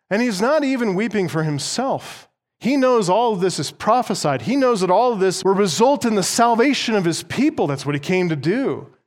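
Man preaching with slow emphatic stresses. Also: sits high. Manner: expository preaching, slows and stresses key words. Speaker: pastor. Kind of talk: sermon.

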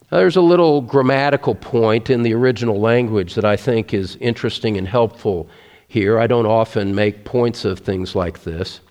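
A man's voice: medium pitch, darkish tone. Earnest male preacher in a reverberant hall. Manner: earnest, emphatic, repeats key phrases. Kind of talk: sermon.

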